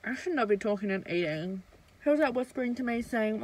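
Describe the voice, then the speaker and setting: A woman's voice: a little high, a little fast, a little hiss or hum, rough recording. A young woman chats through a casual storytime vlog. She talks while eating, loose and rambling, with plenty of fillers and restarts. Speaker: vlogger.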